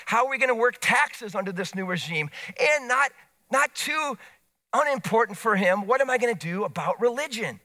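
Guy preaching, retells the bible story all lively, high bright voice. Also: normal speed. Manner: animated storytelling with voiced asides. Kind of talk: sermon.

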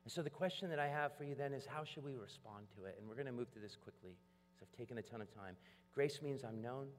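A man preaching a sermon, telling a story with lively acted-out voices. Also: mid-range voice, fast talker, slight background noise. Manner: animated storytelling, acts out voices. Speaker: pastor. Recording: long hall reverb.

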